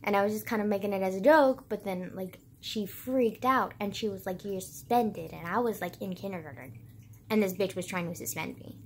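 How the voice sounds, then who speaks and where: This young vlogger has a husky, mid-range voice and a brisk delivery. Speaking to camera, she shares childhood stories with her viewers in a loose, rambling way, peppered with "like" and profanity.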